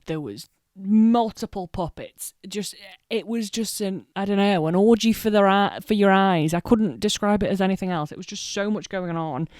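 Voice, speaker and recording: Young woman gushing about a show, lots of swearing, lowish voice, dry close sound. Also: no room sound. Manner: animated, sweary, self-deprecating. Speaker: anime reaction vlogger. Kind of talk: casual rambling recap.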